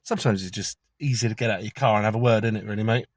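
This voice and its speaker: A low-pitched man rambles through a conspiratorial monologue from his car. His delivery is chatty and casual, with the odd swear word. The sound is dry and close, with no room echo. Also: very fast. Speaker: vlogger.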